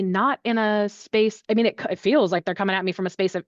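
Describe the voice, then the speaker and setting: A woman answering in a podcast interview, talking in an animated, chatty way with lots of fillers. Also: mid-range voice, brisk, no echo, highs cut off. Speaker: accessibility services head, podcast guest.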